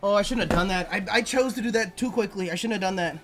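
A man commentating his video game run, swearing, swinging between yelling and muttering calculations, his voice strained from shouting. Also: high-pitched, fast talker, soft background music. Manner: swears a lot. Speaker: gaming YouTuber. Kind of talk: let's play commentary.

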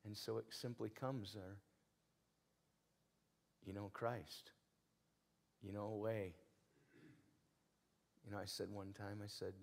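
A male pastor preaches with a low, gravelly voice that carries a husky edge. His sermon moves in earnest, conversational storytelling. He leans on repeated phrases for emphasis.

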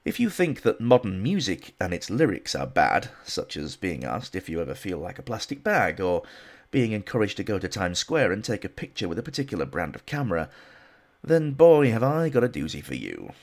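A man's voice: deep voice, big pitch swings, fairly quick. A man narrating a history documentary in a scripted style with dry, wry asides.

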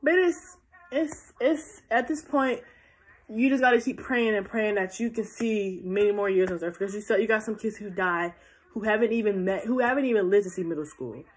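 A woman's voice: medium pitch, a little fast, husky. A teenage girl answering viewer questions in a casual vlog, chatty and rambling with many restarts, sounding tired. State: tired and yawning. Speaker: vlogger. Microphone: phone.

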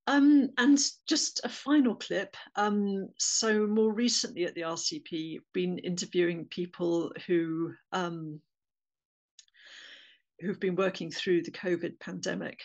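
A woman's voice: lowish voice, steady tone, slow, lo-fi sound. A woman with an English accent giving a webinar talk on oral history, conversational with frequent fillers and restarts.

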